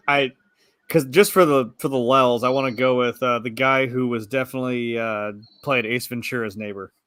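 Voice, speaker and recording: A man's voice: medium pitch, steady tone, normal speed, a bit bright, no room sound. A man co-hosting a casual movie review chat over a video call, laid-back, swearing freely and laughing often. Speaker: podcast co-host.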